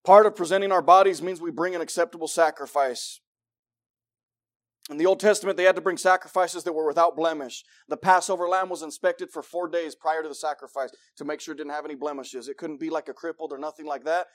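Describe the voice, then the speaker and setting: A man preaching with a fairly high voice. He swings between shouting excitement and near-whispered intensity. He acts out little voices to make his point as he reads and explains scripture. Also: fast. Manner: acts out voices of God and believers. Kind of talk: sermon.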